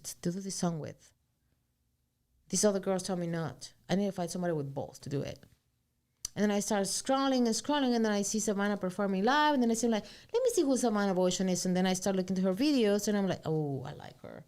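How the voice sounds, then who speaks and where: Animated woman telling stories. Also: mid-range voice. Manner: animated storytelling, switching between English and Spanish, swears freely. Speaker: guest singer-songwriter. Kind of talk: casual interview chat.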